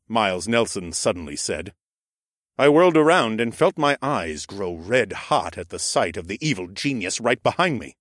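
A man narrating a first-person audiobook in an expressive, sardonic storytelling manner. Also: fairly low pitch, normal speed, dry recording, studio quality.

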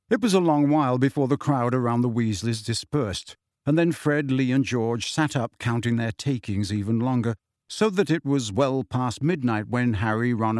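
A man narrating an audiobook in an expressive, measured storytelling manner. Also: mid-range voice, no echo, studio quality. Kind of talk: scripted narration.

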